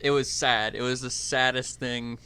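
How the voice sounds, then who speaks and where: Young male co-host, teasing banter, reads chat, bright tone, dry recording. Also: medium pitch, fairly even intonation, normal speed, smooth, dry recording. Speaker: stream co-host. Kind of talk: casual live-stream banter.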